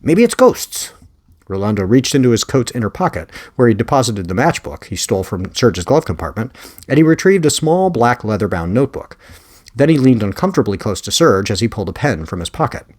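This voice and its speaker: Expressive male author reading fiction aloud. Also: on the low side, fast talker. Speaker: author reading his serial novel. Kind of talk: audiobook narration.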